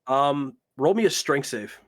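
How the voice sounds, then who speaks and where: A man narrates a tabletop game as its game master in a lively, swearing, off-the-cuff way. His voice sits in a middle register. The talk is loose and conversational. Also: medium pitch, a little slow. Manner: animated, profane, casual.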